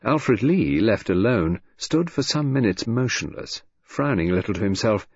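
A man with a husky voice narrating an audiobook in a measured, expressive reading. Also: fairly low pitch. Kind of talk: scripted narration. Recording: dull, dry lo-fi recording.

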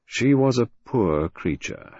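A man voicing a grave, gentle, dutiful middle-aged husband and son who speaks mildly and a little dreamily. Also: mid-range voice, expressive, slow pace, husky, no echo. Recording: dull, dry lo-fi recording.

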